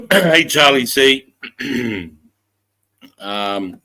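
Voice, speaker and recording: A man's voice: medium pitch, expressive, extremely slow, sharp tone. A middle-aged Australian man hosting a casual livestream, greeting viewers in a laid-back, sweary way. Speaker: livestream host.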